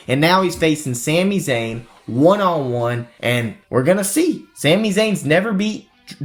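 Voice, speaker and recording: A man hosting a casual wrestling prediction chat, recapping storylines in an animated way. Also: a little high. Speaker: wrestling podcast host.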